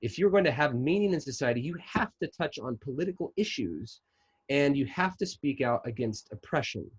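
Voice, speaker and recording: A man giving an earnest history lecture and answering questions on a video call, slowing down to stress key points. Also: medium pitch, expressive, breathy edge, dull audio. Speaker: guest presenter, historian. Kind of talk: online lecture and Q&A.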